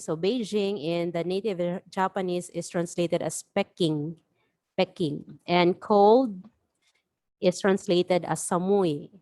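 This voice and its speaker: A woman teaching a beginner language lesson, explaining patiently and repeating example phrases slowly. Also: on the low side, a little mellow, no room sound, clean studio sound.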